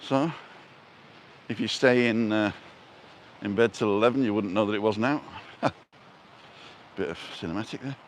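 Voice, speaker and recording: A man's voice: lowish voice, moderate pace, long pauses, slight background noise. Joking man chatting on a walk. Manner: chatty, self-mocking, punning jokes. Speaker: vlogger and live-stream host. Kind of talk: casual walking live-stream chat. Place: outdoors, walking along a street in a seaside resort. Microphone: handheld phone camera.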